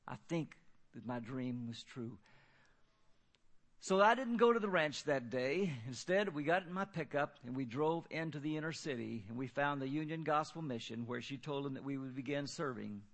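A man telling a personal testimony in a casual, halting way, with many fillers. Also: medium pitch, gravelly. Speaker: storyteller.

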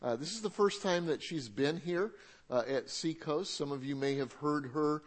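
Halting pastor introducing a guest. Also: male voice, a little high. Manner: halting, many fillers.

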